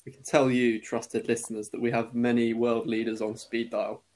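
A man co-hosting a casual podcast, dropping dry deadpan quips. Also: mid-range voice, moderate pace. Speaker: podcast co-host. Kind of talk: casual chat.

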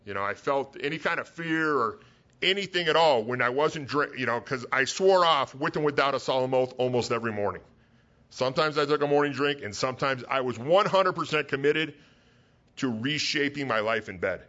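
Middle-aged man, candid, self-mocking recovery speaker. Bright, forceful tone, muffled lo-fi sound. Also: mid-range voice, expressive, brisk. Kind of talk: recovery talk at a men's retreat. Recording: dull lo-fi recording.

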